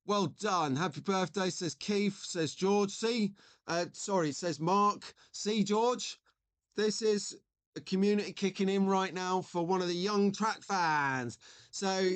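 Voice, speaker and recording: A man's voice: sits high, takes it slowly, clean tone. A man in his forties hosting a live stream, chatting in a rambling way and reading out viewer messages. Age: 40s. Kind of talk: casual live-stream chat.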